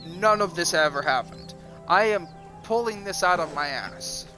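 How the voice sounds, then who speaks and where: A streamer telling a crude, rambling, self-mocking comic story. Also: male voice, high voice, lively intonation, normal speed, over music.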